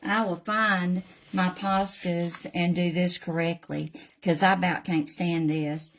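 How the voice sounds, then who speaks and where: Southern woman host, middle-aged, unhurried folksy craft chat, a bit gravelly and low. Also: steady tone, slight background noise. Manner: chatty, folksy, greets viewers by name while painting. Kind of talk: live craft tutorial chat.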